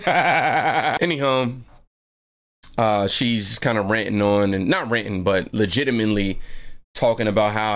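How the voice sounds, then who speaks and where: A man hosting his own channel, telling a personal story in a lively, slangy way and often jumping into high voices to quote people. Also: moderate pace. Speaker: channel host. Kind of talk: storytime vlog.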